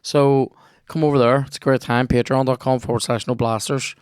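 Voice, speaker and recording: Cheeky Northern Irish man, smooth dry voice. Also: mid-range voice, flat delivery, a little fast, no room sound. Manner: cheeky, rambling, swears freely. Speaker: podcast host. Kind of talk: casual podcast chat and ad read.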